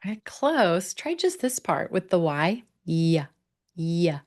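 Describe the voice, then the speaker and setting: A woman teaching English pronunciation on a video call, encouraging learners and modeling words slowly. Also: lowish voice, very animated. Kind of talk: online English class coaching.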